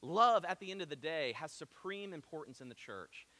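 A man's voice: fairly high pitch, expressive, normal speed, bright, forceful tone, in a large hall. A man preaching a sermon to his church, telling stories in a chatty, conversational way with asides. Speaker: pastor. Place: church auditorium.

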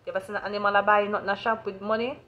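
A woman's voice: medium pitch, level tone, rapid-fire, narrow, tinny audio. A woman with a Jamaican accent giving an astrology reading as a blunt, profane rant. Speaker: astrology reader.

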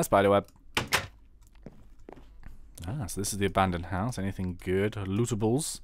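A man chatting casually through a game playthrough, excitable and rambling, with a slightly sore throat. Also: deep voice, normal speed, long pauses, a little hiss or hum. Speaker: game commentator. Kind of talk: casual let's play commentary.

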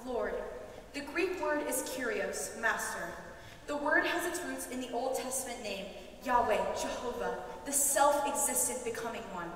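A woman's voice: on the high side, animated, normal speed, a bit bright. A woman giving a stage reading on a church stage, now explaining, now remorseful. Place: large church hall stage. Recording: echoey hall from far off, faint noise.

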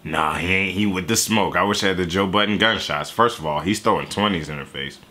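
A man's voice: low voice, brisk, bright, forceful tone. A man in his twenties giving casual, jokey reaction commentary on a song, jumping into voices and asides. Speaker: music reaction YouTuber.

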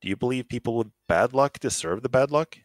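A man voicing a calm, reflective male spaceship crewmate, reading visual novel dialogue aloud in a measured, earnest way. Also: medium pitch, no room sound, natural voice.

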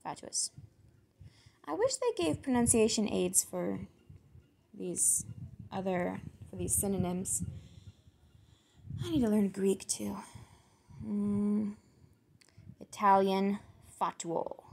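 A woman's voice: medium pitch, expressive, takes it slowly, creaky, pauses often, warm tone. A woman reading out foreign words and their meanings, thinking aloud and sounding them out as she goes. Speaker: word channel host. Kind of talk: solo vocabulary reading.

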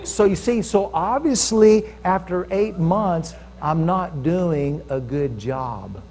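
An American man preaching a sermon as pastor, telling a story with lively calls to his congregation. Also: a little high, a little slow, hardly any pauses.

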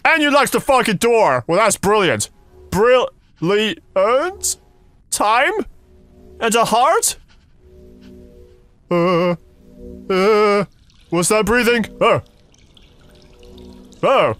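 A man's voice: high-pitched, expressive, very slow, long pauses, a bit bright, faint music behind. Jumpy, sarcastic young man gaming. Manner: sarcastic, swearing, talking to the game; jumpy, yelps and nervous laughs. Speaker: gaming streamer. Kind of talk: horror game commentary.

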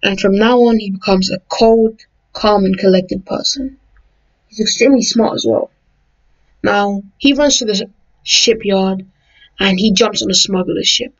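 A woman's voice: medium pitch, measured pace, lo-fi sound. A woman casually telling a made-up story in a loose, rambling way, chaining events with "and" and correcting herself along the way. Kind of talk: casual fan-fiction narration.

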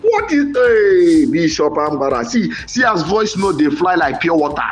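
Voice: medium pitch, sing-song, moderate pace, faint music behind. A commentator with a Nigerian accent, giving impassioned voice-note commentary, dramatic and lamenting, repeating phrases and exclaiming. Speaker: online commentator.

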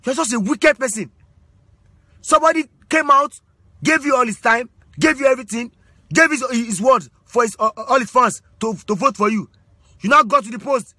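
A man, a Yoruba speaker, acting as a mock judge in a comic skit, scolding and shouting insults and commands. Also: extremely high pitch, lively intonation, normal speed, pauses often, dry recording, clean studio sound. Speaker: comedian playing a judge.

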